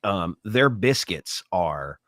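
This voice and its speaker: A man with a low-pitched voice co-hosts a casual morning talk show. He rambles emphatically and circles back to his point. The sound is dry and close, with little room echo. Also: animated, takes it slowly, fairly bright tone. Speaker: co-host.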